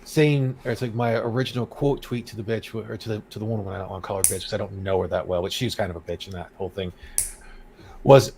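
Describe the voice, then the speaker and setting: A man's voice: fairly low pitch, steady tone, quick pace, darkish tone, a little hiss or hum, low-quality recording. A man hosting a casual podcast chat, ranting and reading out quotes with a sarcastic edge. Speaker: podcast host.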